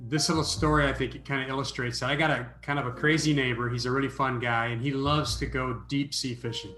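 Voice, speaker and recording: Animated storytelling man, roomy sound. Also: medium pitch, fast, soft background music. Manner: animated storyteller, repeats words when starting. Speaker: interview guest, author. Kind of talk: storytelling in a podcast interview.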